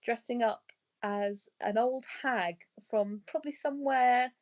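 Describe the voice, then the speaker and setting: A woman's voice: a little high, a little slow, a little mellow, dull audio. A woman co-hosting a podcast in casual chat, talking in a chatty, self-mocking way and laughing often. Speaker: podcast co-host.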